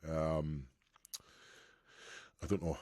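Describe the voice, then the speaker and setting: A man with a very low voice co-hosts a podcast, chatting casually and rambling with plenty of laughs. The sound is dry and close, with little room in it. His talk stays loose and jokey. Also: little pitch movement, extremely slow, dark tone, no room sound. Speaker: podcast co-host.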